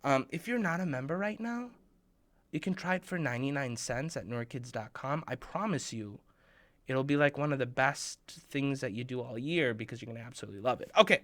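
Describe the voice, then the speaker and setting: A young man hosts a children's sermon, sliding between stories and jokes in an easy, conversational tone. His pitch rises and falls a lot as he acts things out. He keeps things playful throughout. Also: a little fast. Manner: animated, joking, conversational. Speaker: children's khutbah presenter. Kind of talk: playful storytelling sermon for kids.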